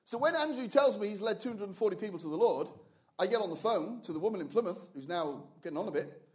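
This older preacher tells his testimony from the pulpit as a sermon. His voice sits high for a man and swings between quiet storytelling and loud, fervent shouting. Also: lively intonation, fast. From England.

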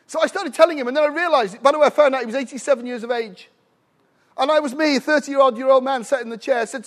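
Male preacher, very high voice, middle-aged, impassioned sermon, calls for amens. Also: brisk. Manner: impassioned, rising to shouts with frequent "Amen?" calls.

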